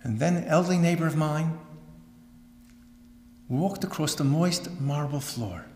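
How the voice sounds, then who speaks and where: Animated man telling a story in an echoey hall. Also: a little high, a little slow, slight background noise. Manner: dramatic, animated storyteller with wry asides. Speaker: rabbi and lecturer. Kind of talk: storytelling lecture. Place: synagogue hall. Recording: echoey hall with long reverb.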